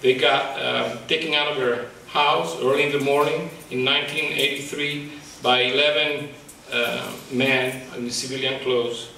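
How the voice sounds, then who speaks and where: A male photographer speaking about his exhibit in a halting, passionate way, searching for words, at a microphone. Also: medium pitch, fairly even intonation, gravelly, pushed and bright, slight background noise. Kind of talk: emotional public talk. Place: exhibit talk at a college, indoors. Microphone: microphone in front of him. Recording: echoey room, distant mic.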